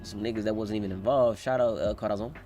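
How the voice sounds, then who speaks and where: A man's voice: fairly low pitch, fairly even intonation, fast talker, mellow, soft background music. A man streaming a live reaction, chatting loosely with swearing, reading chat aloud and laughing often. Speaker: streamer reacting to a manga chapter.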